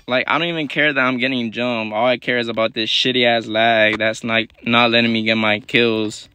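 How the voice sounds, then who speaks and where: A young man giving live gameplay commentary in quick, slangy, profane banter as a gaming YouTuber. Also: medium pitch, flat delivery, pushed and bright, a little hiss or hum.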